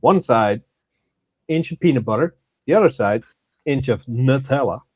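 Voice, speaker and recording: A man's voice: mid-range voice, expressive, moderate pace, husky, dry recording. Male guest, blunt and crude, wisecracking, close dry sound. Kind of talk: casual livestream chat.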